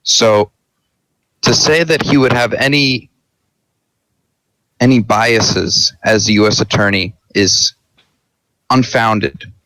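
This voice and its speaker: A man's voice: fairly low pitch, slow, long pauses, a bit bright, no echo, rough recording. A man playing an attorney general in a mock senate debate, speaking firmly and insistently. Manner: firm, insistent, defending a nominee. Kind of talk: role-played parliamentary debate.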